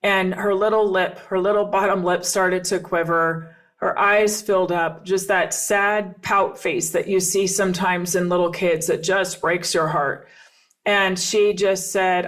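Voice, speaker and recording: A woman's voice: fairly low pitch, steady tone, unhurried, a bit bright. A middle-aged woman hosting a podcast, telling a personal story in an earnest, reflective way and repeating phrases for emphasis. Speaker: podcast host and coach.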